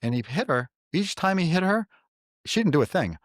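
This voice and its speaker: A man's voice: high voice, sing-song, fairly quick, dry recording, clean studio sound. A middle-aged man hosting a podcast, giving earnest parenting advice in casual chat and telling stories with quoted voices. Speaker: podcast host.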